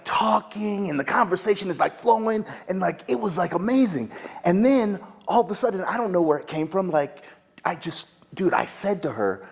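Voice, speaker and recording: A man performing a monologue as a rambling, excitable young party guy who keeps saying "like" and "dude" and restarting his sentences. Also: high voice. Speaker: attorney in a monologue workshop.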